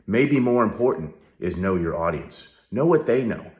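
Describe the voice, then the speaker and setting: A man's voice: on the low side, animated, normal speed, darkish tone. A middle-aged man speaking straight to the viewer as a leadership coach, direct and coaching, often checking in with "all right?". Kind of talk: direct-to-camera advice talk. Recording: roomy echo.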